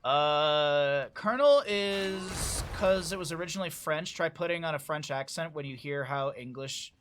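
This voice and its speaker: A man casting a live esports match, calling fast play-by-play and wandering into chatty asides he shares with his chat. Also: a little high, faint music behind. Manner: excitable, rambling asides between fast play-by-play; chatty, talks directly to chat. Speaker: esports caster.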